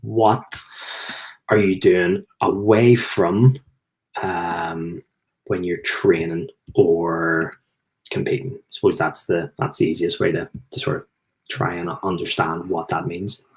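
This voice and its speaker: Speaking slowly in a low, steady voice, this middle-aged former footballer turned host talks casually to camera in his Belfast accent; he's from Belfast, Northern Ireland. His anecdotes ramble, and he laughs quietly at his own tales.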